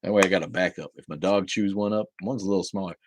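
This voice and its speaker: Deep-voiced guy ranting on a livestream, sarcastic and sweary, dry close sound. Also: fast talker, no room sound. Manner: sarcastic, profane, restarts often. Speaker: livestream host reading viewer comments. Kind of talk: casual livestream rant.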